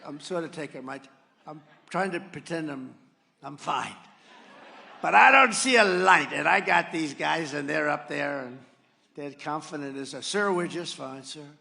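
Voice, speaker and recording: Older man with a gravelly, bright voice. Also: a little high, moderate pace. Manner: rambling, boastful, swings from soft asides to loud punchlines. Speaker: political speaker at a rally. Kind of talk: rally speech storytelling. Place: large rally venue.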